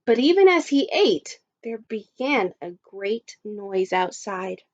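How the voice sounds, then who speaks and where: A woman teacher reading a story aloud to children, expressive and adding little asides. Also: medium pitch, slow pace, lo-fi sound. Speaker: primary school teacher.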